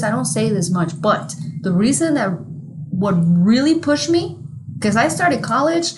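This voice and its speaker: A woman's voice: on the high side, lively intonation, moderate pace, noisy background. A woman from Mexico whose first language is Spanish, co-hosting a podcast and telling a rambling, profane story with frequent laughter. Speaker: podcast co-host. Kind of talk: casual chat.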